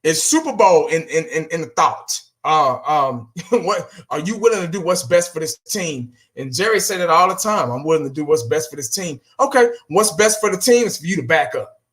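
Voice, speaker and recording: A man's voice: a little high, lively intonation, moderate pace, fairly bright tone. A man hosting his own channel, ranting bluntly and with profanity, talking straight to his viewers. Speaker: fan channel host. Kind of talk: casual solo rant.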